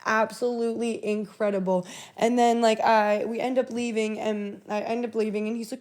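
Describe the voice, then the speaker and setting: Young woman podcast host, slightly high voice, swears freely and laughs through her casual storytelling. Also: normal speed. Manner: profane, animated, laughing storyteller.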